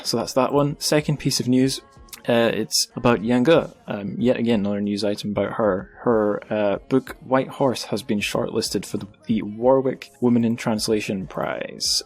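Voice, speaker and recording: A male podcast host works through a news segment and reads short book blurbs. He sits slightly low in pitch and keeps it loose and casual, with frequent fillers.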